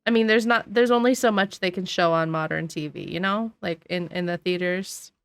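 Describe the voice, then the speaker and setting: A woman's voice: fairly low pitch, normal speed, clear, resonant tone, dry recording, soft background music. A woman streaming a game, chatting casually and answering her chat while sniffly and yawning. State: sniffly and sleepy. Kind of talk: casual gameplay commentary. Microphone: desk microphone.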